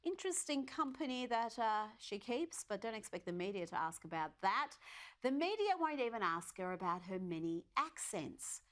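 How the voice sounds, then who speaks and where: A woman's voice: mid-range voice, big pitch swings, moderate pace, fairly bright tone. Sarcastic woman hosting a news commentary. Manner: sarcastic, mocking delivery. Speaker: political commentary host.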